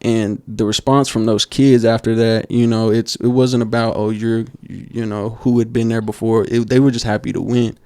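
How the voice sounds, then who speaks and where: A man co-hosting a basketball podcast, telling coaching stories in a casual, animated way and acting out quotes. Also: medium pitch, moderate pace, few pauses, clean tone, dry recording, clean studio sound. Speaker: podcast co-host. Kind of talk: casual storytelling chat.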